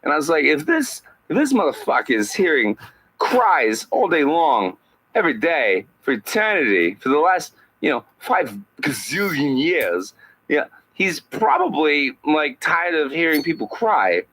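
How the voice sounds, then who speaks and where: A man doing a satirical impression of an older male actor as a podcast guest, speaking in halting phrases with odd pauses. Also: fairly high pitch, sing-song, a bit bright, pitched above the performer's own voice, full character voice, rough recording. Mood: storytelling.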